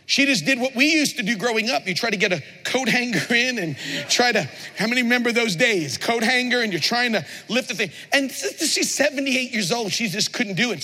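High, bright-voiced male preacher. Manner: animated storytelling with rhetorical questions. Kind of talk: sermon. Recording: long reverb of a large hall.

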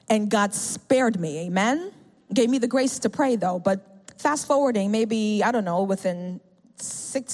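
Middle-aged woman preaching in a reverberant hall. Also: medium pitch. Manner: animated storytelling, acts out quoted speech, calls out "amen?". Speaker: speaker giving a testimony to a congregation. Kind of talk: testimony sermon.

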